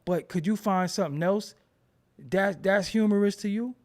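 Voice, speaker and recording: A man's voice: high-pitched, moderate pace. A man in a casual, profane rant, talking emphatically and repeating himself when heated. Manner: animated, emphatic, swears freely, repeats words when heated.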